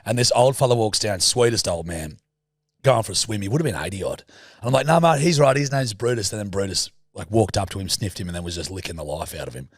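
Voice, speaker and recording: A man's voice: low-pitched, lively intonation, fast talker, slightly rough, dry recording, clean studio sound. A young man co-hosting a podcast, telling stories in casual chat with plenty of swearing and laughter. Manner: swearing, storytelling, laughs often. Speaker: podcast co-host.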